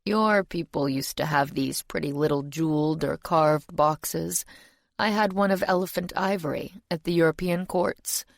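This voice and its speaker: Brief: woman narrator doing an ancient male demon, urbane and world-weary, lower register. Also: moderate pace, vocal fry, dry recording. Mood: genial. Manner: polite, dry, gently world-weary.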